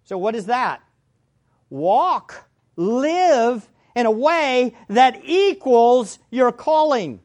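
A woman preaching a sermon, speaking to her listeners directly, repeating key phrases and swinging between loud and hushed. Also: fairly high pitch, expressive, very slow. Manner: addresses the congregation directly.

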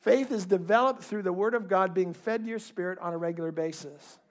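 High voiced guy preaching in church, fervent, gets loud and emphatic. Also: a little fast. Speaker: pastor. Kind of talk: sermon.

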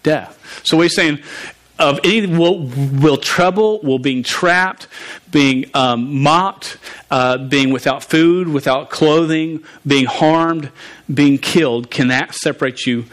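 A man preaching a conversational sermon, often stumbling and restarting words and asking the congregation questions. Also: on the high side. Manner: halting, frequent stumbles and restarts, asks the audience questions.

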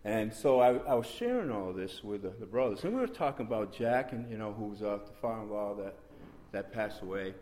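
Low-voiced man giving a rambling church testimony. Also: a little fast, hardly any pauses, a little hiss or hum. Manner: rambling and repetitive, with sudden excited bursts. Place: church meeting room. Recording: roomy echo.

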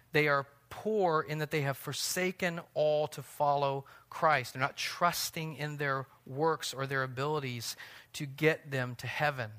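A man in his thirties delivers a sermon with a bright, forceful voice set a little high. He preaches earnestly, pressing hard on key phrases and then easing into quiet, intimate stretches. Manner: earnest preaching, building to emphatic peaks then dropping soft. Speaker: pastor.

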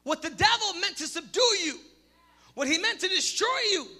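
High-voiced preacher man, shouting in a hall. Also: lively intonation, normal speed. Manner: shouting and rising in bursts, then quiet prayer. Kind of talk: sermon. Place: church hall. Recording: long hall reverb with music behind.

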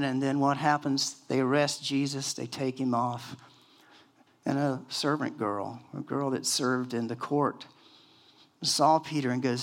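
A man in his sixties, a pastor preaching a sermon, telling stories in a lively, chatty way full of "you know"s. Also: on the high side, normal speed. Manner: animated storytelling with many fillers and acted-out quotes.

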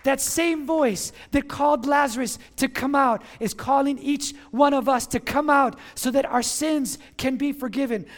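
A high-pitched preacher delivering a Sunday sermon with mounting passion. The voice swells into shouts at the big points and calls on the congregation to answer back. It sounds like a live church service. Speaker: pastor.

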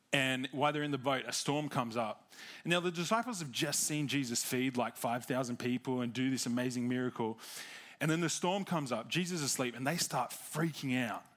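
Young preacher, casual and chatty, pokes fun at himself, mid-range voice. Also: male voice, medium pitch, a bit bright. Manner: chatty, self-deprecating, laughs along. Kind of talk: personal storytelling sermon.

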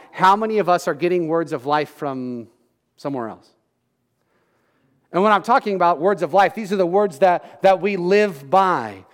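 Casual preacher man in a reverberant hall. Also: sits high. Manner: conversational, joking asides, acts out crowd voices. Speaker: pastor. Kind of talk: casual sermon.

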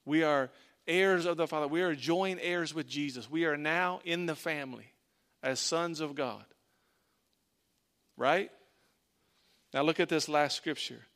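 A man preaching a sermon as a pastor, emphatic, repeating lines and dropping to a hush for weight. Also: a little high, creaky.

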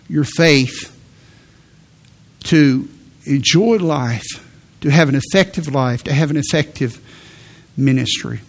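A middle-aged male pastor delivering a sermon. His voice sits a little high for a man. He speaks earnestly and stresses points with sudden lifts. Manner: earnest, emphatic preaching with sudden rises.

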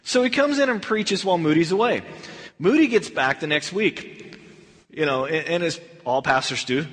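A man's voice: on the high side, expressive, moderate pace, fairly bright tone, long reverb tail. A man teaching a verse-by-verse Bible study in a conversational way, acting out the people in the stories. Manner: conversational, acts out dialogue in quotes.

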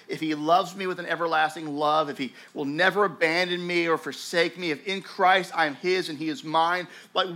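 A man preaching a sermon in a conversational, animated way, often restarting his sentences and dropping to a softer, slower tone for reassurance. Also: a little high. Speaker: pastor.

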